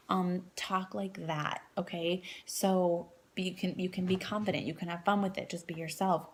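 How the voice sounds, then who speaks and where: A woman's voice: on the low side, steady tone, brisk, few pauses. A woman in her thirties giving a casual training talk to new coaches, rambling with lots of fillers and restarts.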